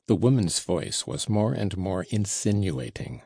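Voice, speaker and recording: Audiobook narrator, man, husky gravelly voice, dry close mic. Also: low-pitched, very animated, unhurried, hardly any pauses, warm tone, no echo. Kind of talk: scripted narration.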